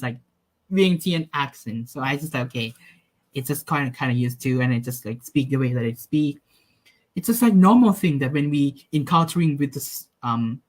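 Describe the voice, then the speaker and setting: Man, Lao accent, native Lao speaker, hesitant casual guest talk, lots of fillers. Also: medium pitch. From Laos. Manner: hesitant, frequent fillers, restarts. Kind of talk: casual conversation.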